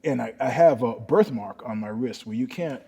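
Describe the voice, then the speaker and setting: A middle-aged man, a podcast guest, telling stories in a husky voice, swinging from loud bursts to hushed asides. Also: mid-range voice, normal speed. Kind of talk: storytelling in casual conversation. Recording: long reverb.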